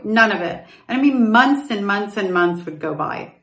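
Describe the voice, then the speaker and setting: A woman's voice: mid-range voice, expressive, moderate pace, fairly bright tone, recorded from a distance. Candid woman telling her story, echoey. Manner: candid, reflective, with self-corrections and asides. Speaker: podcast host. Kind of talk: personal storytelling monologue.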